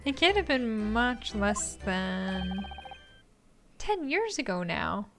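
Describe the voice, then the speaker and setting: A woman playing a gruff burly prison governor with a lilt. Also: medium pitch, big pitch swings, takes it slowly. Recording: game music behind voice.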